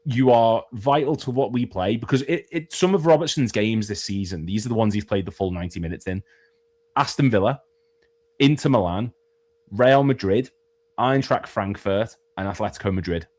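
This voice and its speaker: A man's voice: on the low side, expressive, moderate pace, darkish tone. A man co-hosting a casual football live stream, analytical and quoting stats, swearing now and then. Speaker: co-host pundit.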